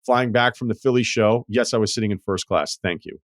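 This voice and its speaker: A man's voice: fairly low pitch, fairly quick, no echo, studio quality. A man hosting a podcast, telling stories in a wry, profane, casual way. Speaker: podcast host. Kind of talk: casual chat.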